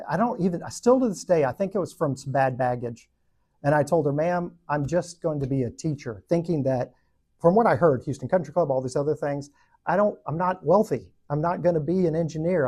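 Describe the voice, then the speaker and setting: A middle-aged man who teaches a Bible study, telling a story in a joking, animated way and acting out the quotes. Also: on the high side, slightly rough. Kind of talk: storytelling talk to a group.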